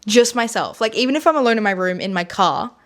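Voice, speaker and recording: A woman's voice: on the high side, expressive, fast. Candid young woman podcast co-host. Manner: candid, swears freely, fillers like "like". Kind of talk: casual chat.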